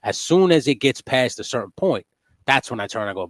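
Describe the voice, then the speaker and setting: A man with a mid-range voice chats casually as host of a live stream. He swears freely and tells stories with animated energy. The sound is dry and close, with no room around it. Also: medium pitch, brisk, dry recording. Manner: profane, animated storyteller. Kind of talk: casual chat.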